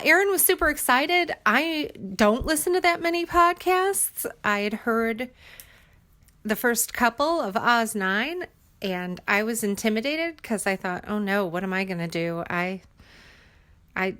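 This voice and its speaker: A woman talking casually on a podcast, chatty and quick to laugh. She often jokes at her own expense. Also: medium pitch, a bit bright. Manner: chatty and giggly, self-deprecating. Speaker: podcast cast member. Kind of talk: casual chat.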